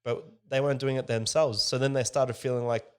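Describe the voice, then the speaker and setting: A man co-hosting a casual podcast, speaking in a relaxed, conversational way. He livens up and pushes his voice when he quotes others. His pitch is in a typical middle range. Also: a little fast, clear, resonant tone. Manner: animated, lively when quoting others. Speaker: podcast co-host. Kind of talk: casual business podcast chat.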